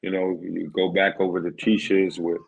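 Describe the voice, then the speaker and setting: A man telling stories on a podcast as a guest in casual chat, lively and often asking "you know what I mean". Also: low-pitched, normal speed, vocal fry, dull audio. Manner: animated, often acts out quoted voices.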